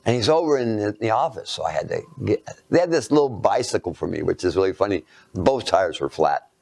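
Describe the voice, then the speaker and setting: A man tells a story as part of a lecture. His voice is low and gravelly, and the sound is dry and close. He talks in a halting, self-mocking way and slips into hushed asides. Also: big pitch swings, no room sound.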